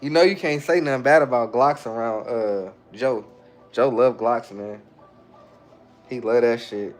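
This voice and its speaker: A man streaming live and answering his viewers' chat in a relaxed, slangy way, often breaking into chuckles. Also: mid-range voice, a little slow. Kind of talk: casual livestream chat.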